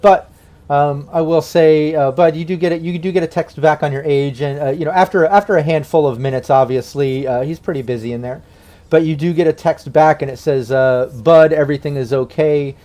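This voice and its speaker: A man's voice: on the high side, a little fast, warm tone. A man running a tabletop role-playing game as game master, easygoing, with fillers and laughs.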